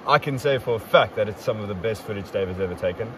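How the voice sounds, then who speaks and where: A man's voice: on the low side, fast. A young man hosting a casual podcast outdoors, recapping a river trip in an upbeat, playfully boastful way. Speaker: podcast host. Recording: distant mic, outdoor traffic noise.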